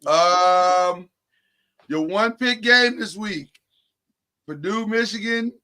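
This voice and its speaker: A man's voice: high voice, slow pace, bright, forceful tone. A man hosting a casual sports podcast, talking emphatically and laughing often. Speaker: podcast host.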